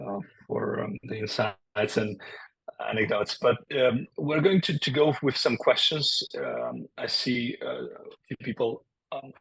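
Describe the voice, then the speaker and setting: A man moderates a webinar question round, his voice gravelly and husky. He speaks hesitantly, with fillers and restarts. The sound is dry and close. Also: mid-range voice, fairly bright tone, no room sound, rough recording.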